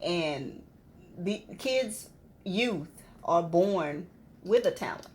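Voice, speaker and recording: A woman's voice: on the low side, lively intonation, drawn-out words, a little mellow, a little hiss or hum. A woman minister answering interview questions, speaking about her passion for youth and seniors. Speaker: community organization minister. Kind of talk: interview guest.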